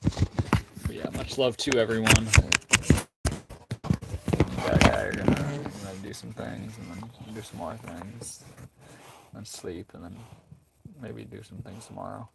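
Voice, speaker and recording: A man's voice: fairly low pitch, a little slow, gravelly, long pauses, heavy background noise. A man livestreaming, rambling and joking in a casual chat while talking to his dog.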